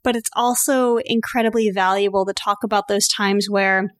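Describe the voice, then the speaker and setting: A woman hosting a veterinary podcast, enthusiastic and speeding up as she gets excited. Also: mid-range voice, normal speed, no echo, studio quality. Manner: enthusiastic, speeds up when excited, many "like" fillers. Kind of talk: casual podcast interview.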